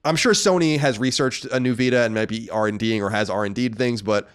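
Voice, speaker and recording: A man's voice: mid-range voice, fairly quick, clean tone. A man co-hosting a casual podcast, reading out news and joking loosely with his co-host.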